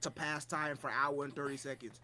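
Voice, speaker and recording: A podcast co-host telling a convention story in casual chat, animated and profane, jumping between loud bursts and low mutters. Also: a little fast, crowd noise.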